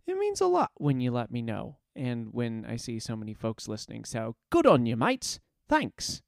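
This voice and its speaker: A man's voice: mid-range voice, huge pitch swings, normal speed, gravelly, few pauses, no echo, clean studio sound. A man hosting a story podcast, chatting playfully between readings and narrating fantasy lore. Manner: playful, self-mocking. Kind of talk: audiobook narration with casual asides.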